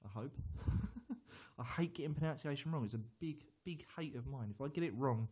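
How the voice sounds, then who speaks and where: A man's voice: fairly high pitch, normal speed, a little mellow, husky. A man reviewing a beer on a live stream, chatty and hesitant, often repeating words as he answers viewers.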